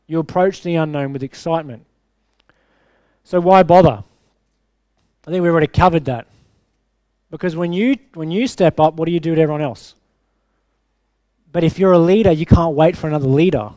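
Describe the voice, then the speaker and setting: A man's voice: a little high, dark tone, no echo. A man who is a business coach, giving a punchy bootcamp talk to a live audience, checking in with "okay?" and swearing for emphasis.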